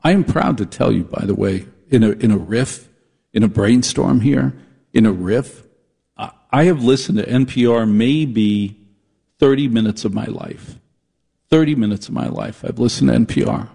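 Husky-voiced man riffing on talk radio. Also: mid-range voice, mellow. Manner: riffing, mocking, switches into quick impressions. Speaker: radio talk show host. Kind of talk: comedic talk radio monologue.

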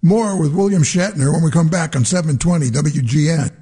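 A man's voice: on the high side, fairly quick, over music. A male radio host interviewing a guest in a chatty, enthusiastic way.

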